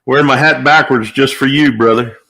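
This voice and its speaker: This is an older livestream host in a laid-back chat, rattling off viewer names at a fairly quick clip. His mid-range voice stays upbeat and conversational, punctuated by bursts of whooping excitement as he greets people.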